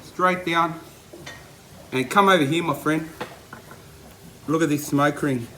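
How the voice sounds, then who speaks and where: A man's voice: fairly high pitch, slow pace, fairly bright tone, a little hiss or hum. A middle-aged Australian man, a chef, giving an enthusiastic casual cooking demonstration in his backyard and repeating his catchphrases. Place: backyard at home beside a smoker.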